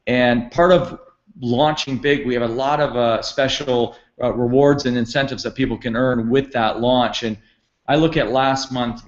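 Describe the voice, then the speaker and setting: A middle-aged man hosts an enthusiastic company sales kickoff conference call, sounding upbeat and promotional and using lots of fillers. His mid-range voice comes through a conference call line with lo-fi sound.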